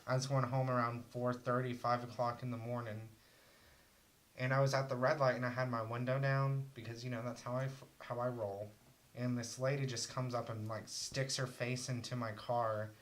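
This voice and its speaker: A woman's voice: a bass voice, flat delivery, normal speed. A woman co-hosting a podcast in casual chat, reacting bluntly and laughing along. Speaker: podcast co-host.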